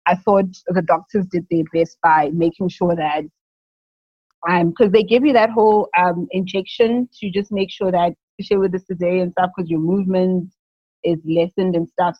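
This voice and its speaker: A young woman talks about new motherhood in a casual interview. Her voice sits a bit low, and she wanders through her thoughts with many fillers and quick laughs. The recording is dry and a little muffled and lo-fi. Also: steady tone, no echo. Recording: dull lo-fi sound.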